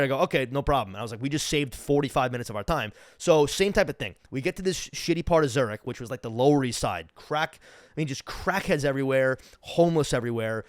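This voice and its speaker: Young male podcast host, animated profane storyteller, dry close sound. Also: mid-range voice, no echo. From United States. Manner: animated, profane, acts out quoted people. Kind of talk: casual storytelling monologue.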